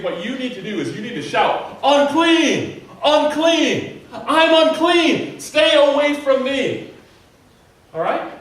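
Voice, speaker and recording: A man preaching in an animated way, his voice pitched high. He is recorded in a church sanctuary with heavy echo. The mic sits some way off. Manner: animated preaching, acting out a desperate leper's plea. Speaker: pastor. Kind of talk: sermon. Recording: very echoey hall, mic at a distance.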